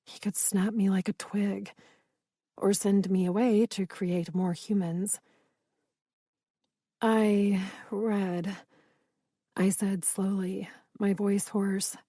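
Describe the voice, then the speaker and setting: A woman reading a romance audiobook in the first person, measured and intimate, on a close studio mic. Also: mid-range voice, little pitch movement, dark tone, husky, no echo. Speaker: audiobook narrator.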